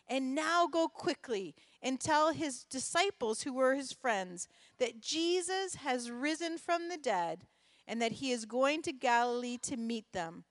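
A woman reading the words of a calm, comforting angel in a children's Bible story, slowly and steadily. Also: high-pitched, no room sound, heavily acted.

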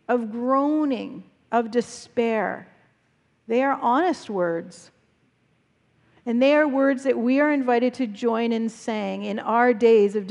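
A woman delivers a sermon in an earnest, reflective way, letting her measured phrases settle. Her voice sits a little high, and it rings out with the long reverb of a large church hall. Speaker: preacher.

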